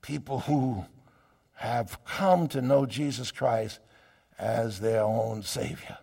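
A middle-aged male pastor preaching a sermon, swinging between hushed asides and shouted climaxes. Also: medium pitch, slow pace, gravelly, slightly rough. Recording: long reverb of a church hall.

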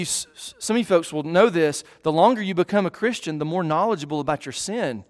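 A man in his thirties preaching a sermon, earnest and emphatic, slowing on key words and often restarting phrases. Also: on the high side, lively intonation, big-room sound. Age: 30s. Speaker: pastor.

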